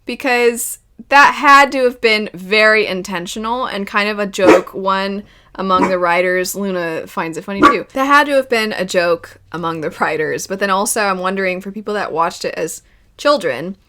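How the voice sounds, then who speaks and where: A woman hosting a video and giving casual reaction commentary on a cartoon series, animated and emotional and laughing often. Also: medium pitch, normal speed, a little hiss or hum.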